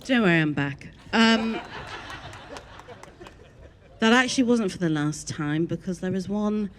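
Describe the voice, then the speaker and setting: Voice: mid-range voice, measured pace, fairly bright tone, slight background noise. A wedding master of ceremonies announcing the next speech in a theatrical, self-mocking way.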